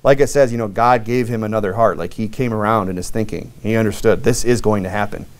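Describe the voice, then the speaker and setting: A man's voice: fairly low pitch, fast. A young American man preaching a sermon as pastor, in a conversational, folksy way with plenty of fillers and restarts.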